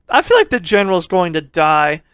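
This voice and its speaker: Man, high voice, dry close sound, casual movie podcast chat, swears a lot, laughs often. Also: wildly swooping pitch, unhurried, a bit bright, clear, resonant tone, dry recording. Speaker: podcast co-host.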